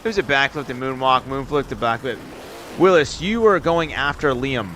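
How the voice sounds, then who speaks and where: A man streaming and giving quick, upbeat live commentary on viewer runs in a game, calling scores and turn order. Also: mid-range voice, bright, forceful tone, a little hiss or hum. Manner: upbeat, quick hype calls with laughs.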